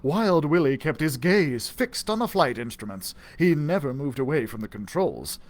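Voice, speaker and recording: A man reading a children's storybook aloud for a library, giving the first-person mouse narrator an animated, expressive delivery. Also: normal speed. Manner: animated, expressive reading with big pitch swings.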